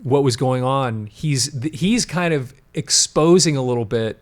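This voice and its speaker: A man's voice: mid-range voice, a little slow. A man hosting a casual talk show, explaining at length with frequent restarts and emphatic asides. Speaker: podcast host. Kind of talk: casual conversational commentary.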